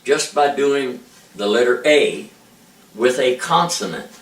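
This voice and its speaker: A man, a preacher, giving an informal ventriloquism lesson with slow, patient, drawn-out demonstrations. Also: mid-range voice, lively intonation, a bit bright. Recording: echoey room, mic far off.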